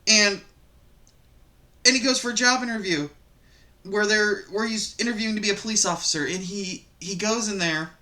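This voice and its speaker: A man hosting a reaction video, ranting casually and profanely about online stories in a rambling, animated way. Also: high-pitched, moderate pace, pauses often.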